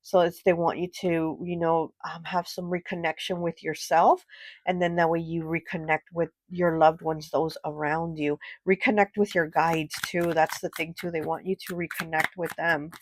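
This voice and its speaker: A woman giving a pick-a-card tarot reading, sounding nasal and congested from a cold, with a gentle, reassuring manner full of fillers and check-ins. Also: low voice, little pitch movement, moderate pace, a little hiss or hum. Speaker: tarot reader.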